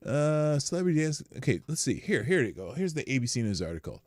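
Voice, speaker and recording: Animated man hosting a live stream. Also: medium pitch, fast, no room sound, studio quality. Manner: chatty, greets viewers in chat, wry asides. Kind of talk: casual live-stream chat.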